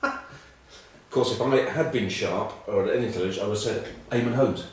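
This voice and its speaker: A man's voice: on the low side, normal speed, heavy reverb, recorded from a distance, low-quality recording. A middle-aged English man telling rambling, self-mocking rugby stories in casual chat. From England. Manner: rambling, self-mocking anecdotes with many ums. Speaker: rugby pundit.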